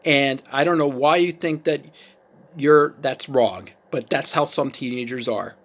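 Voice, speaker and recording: A man's voice: medium pitch, unhurried, fairly bright tone. A man doing a harsh scolding mother. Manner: harsh, lecturing. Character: angry scolding mother of a teen.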